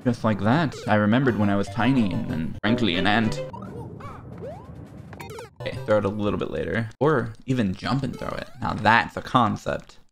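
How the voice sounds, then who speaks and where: A man's voice: lowish voice, moderate pace, vocal fry, music in the background. A young man giving casual, self-mocking commentary while playing a platform game, yelping and swearing at his failures. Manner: sarcastic, self-mocking, yelps at fails. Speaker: gaming streamer.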